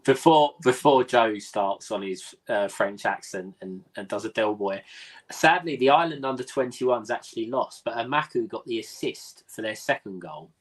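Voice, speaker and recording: A man co-hosting a football podcast, giving opinions in a measured, chatty way. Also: mid-range voice, lively intonation, rough recording. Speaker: podcast co-host. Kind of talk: casual chat.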